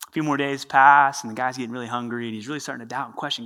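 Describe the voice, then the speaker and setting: Bright-voiced storytelling male pastor. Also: medium pitch, rapid-fire. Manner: storytelling, animated, conversational. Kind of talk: sermon.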